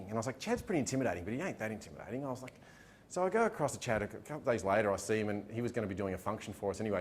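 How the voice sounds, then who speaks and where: A man giving a motivational talk, acting out the people in his stories. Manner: animated, acts out dialogue in his stories. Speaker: motivational speaker. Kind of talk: storytelling keynote talk. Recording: echoey room with faint rumble.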